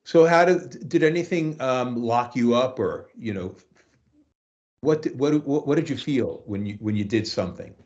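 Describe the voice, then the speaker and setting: A man who teaches voice, talking through lessons and telling anecdotes in a relaxed interview. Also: mid-range voice, normal speed, lo-fi sound. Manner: storytelling, acts out quotes, restarts often.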